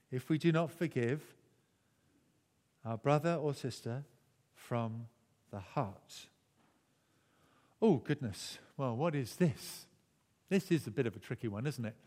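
A man preaching a sermon in a relaxed, conversational way, often restarting phrases and chuckling. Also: mid-range voice, takes it slowly, long pauses, big-room sound.

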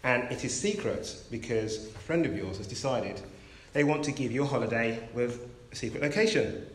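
A man preaching a sermon, telling a story in a measured, gentle way. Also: medium pitch. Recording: roomy echo.

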